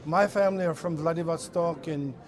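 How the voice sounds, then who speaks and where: A man in an archive clip making flat claims about himself in a slow, deadpan way. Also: on the high side. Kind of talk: archive clip talk and sing-song chanting. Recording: clip with loud reggae music.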